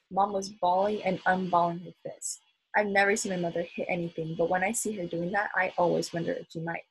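Husky woman reading a children's novel. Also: on the low side, normal speed, low-quality recording. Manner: expressive read-aloud with small slips and restarts. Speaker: volunteer reader.

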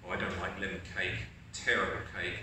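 A man's voice: sits low, level tone, fairly quick, background noise, pitched below the performer's own voice, close to an everyday voice. A man playing a grumpy male coffee customer who complains about everything, in an echoey room from a distant mic. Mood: scornful. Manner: rude, scornful, dismissive.

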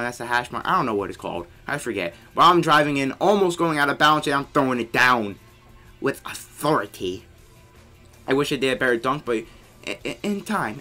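A young man talking over his basketball video game, his voice bright and forceful. He gets excitable and shouts at his teammates, with faint music playing underneath. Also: medium pitch. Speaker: gaming YouTuber.

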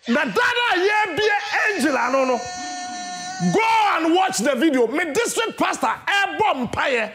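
High-pitched emphatic Ghanaian man. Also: sing-song, normal speed. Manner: emphatic, often shouting and mimicking others. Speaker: radio host. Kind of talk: animated storytelling monologue.

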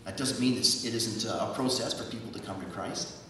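A man's voice: lowish voice, fairly quick, sharp tone, a little hiss or hum. A man preaching a sermon as pastor, asking rhetorical questions and repeating key words for emphasis. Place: church sanctuary. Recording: echoey church hall, from far off.

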